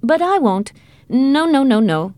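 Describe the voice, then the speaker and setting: A woman voicing a fussy, quick-tempered old man who blusters and repeats himself. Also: fairly low pitch, lively intonation, a little mellow, no room sound, natural voice. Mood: blustering.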